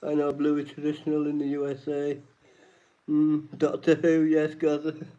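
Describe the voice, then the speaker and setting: A man's voice: on the high side, monotone, normal speed, mellow. A man hosting a live-stream trivia night, reading each question twice and greeting chat viewers by name. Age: adult. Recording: dull lo-fi stream audio.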